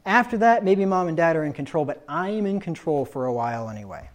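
A man's voice: fairly high pitch, lively intonation, brisk, close to an everyday voice. A preacher putting on a smug young child who knows he can ignore his parents. The voice talks through his own cunning plan to disobey, staying close to the preacher's everyday speaking voice. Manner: smug, scheming inner monologue.

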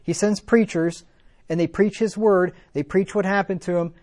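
A man's voice: sits high, steady tone, normal speed, a little mellow. A man preaching a sermon, reading scripture aloud and asking rhetorical questions, building to fervent emphasis. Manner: conversational asides with rhetorical questions.

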